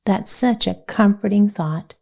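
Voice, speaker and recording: A woman's voice: medium pitch, a little slow, vocal fry, dark tone. A woman voicing an imaginative, talkative orphan girl who speaks in a dramatic, pleading way, as in a storybook reading. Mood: hopeful.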